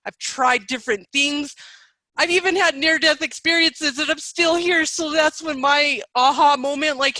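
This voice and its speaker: A woman's voice: high-pitched, normal speed, bright, forceful tone, no echo, poor audio. A woman in her thirties hosting a podcast, talking in an emotional, spiritual, chatty way. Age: 30s. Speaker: podcast host. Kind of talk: casual interview chat.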